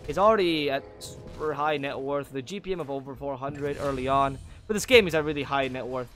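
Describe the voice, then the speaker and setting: A man's voice: mid-range voice, a little fast, fairly bright tone, soft background music. A man casting a video game match solo, opinionated and critical, often correcting himself and drifting into small rants. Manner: frequent self-corrections and repeated words. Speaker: esports caster. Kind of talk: solo play-by-play commentary.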